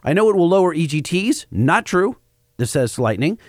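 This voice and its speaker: A man's voice: on the high side, big pitch swings, moderate pace, no echo, clean studio sound. A man co-hosting a podcast, chatting casually and reading listener questions before explaining technical points. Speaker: podcast co-host.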